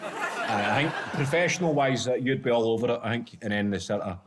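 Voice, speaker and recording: A man's voice: medium pitch, brisk, a faint crowd. Laid-back Glaswegian man chatting. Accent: Glaswegian Scottish. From Scotland. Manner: laid-back, laughing often. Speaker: comedian guest. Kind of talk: casual comedic chat.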